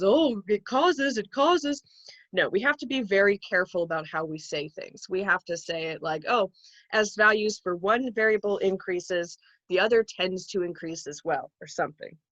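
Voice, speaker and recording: A woman's voice: medium pitch, fairly bright tone, dry recording. Woman lecturing in a dull, dry recording. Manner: explanatory, careful, frequent ums and restarts. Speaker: college psychology instructor.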